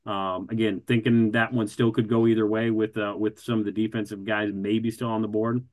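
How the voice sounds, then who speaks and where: A man co-hosting a casual football draft talk, measured and methodical, leaning on a habitual filler word. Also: fairly low pitch, little pitch movement. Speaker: football draft analyst co-host.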